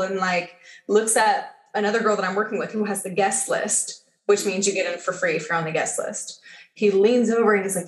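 A woman's voice: medium pitch, fairly quick, roomy sound. A woman guest telling a personal story in a casual podcast chat. She talks with lots of fillers and acts out the dialogue she quotes.

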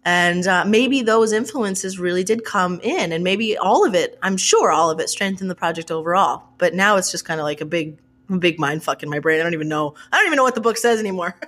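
A woman author, a guest on a podcast, telling stories in a casual, animated, sweary way and laughing often. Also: fairly low pitch, fairly quick. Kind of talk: casual interview chat.

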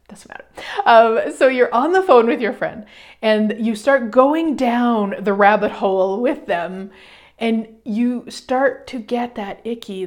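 Woman, radio host, animated motivational talk, fairly high voice, casual swearing. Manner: animated, acts out little quoted exchanges, swears casually.

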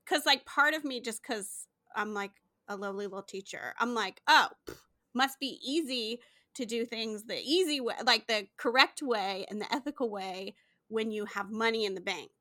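A woman's voice: on the high side, moderate pace, sharp tone, dry recording, studio quality. A woman in her thirties co-hosting a casual chat, playful and self-deprecating as she asks questions. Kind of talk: casual podcast conversation.

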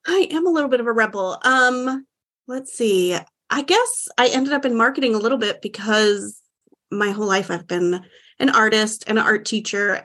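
A woman guest on a podcast, talking about marketing in an animated, rambling way with lots of fillers. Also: medium pitch. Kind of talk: casual chat.

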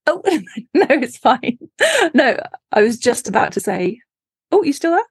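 A woman's voice: fairly high pitch, big pitch swings, a little slow, slightly rough, no echo, studio quality. A woman, a podcast guest and author, telling stories in a casual chat and acting out her own reactions with laughs. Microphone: remote call.

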